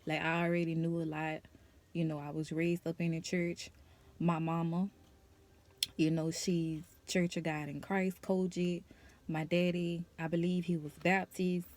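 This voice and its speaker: A woman's voice: on the low side, level tone, measured pace, darkish tone. A young woman vlogger speaking her personal testimony to camera, nervous and emotional, in a casual conversational way.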